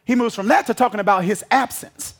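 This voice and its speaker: Preacher, male, very high voice with a raspy edge, call-and-response sermon delivery. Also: fast, fairly bright tone. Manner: emphatic call-and-response preaching, often asking if the congregation follows.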